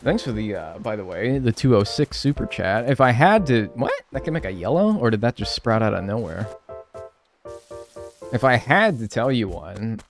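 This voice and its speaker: A man streaming a video game, talking loosely and joking as he plays. His voice swings up and down with lively energy, and faint game music runs underneath. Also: mid-range voice, normal speed. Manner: rambling, animated and joking. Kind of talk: casual live-stream gaming chat.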